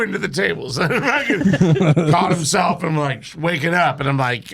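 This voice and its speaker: A man's voice: fairly high pitch, brisk, creaky, bright, forceful tone. A young man telling a wild drinking story as a podcast guest, swearing and laughing through it. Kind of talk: casual storytelling.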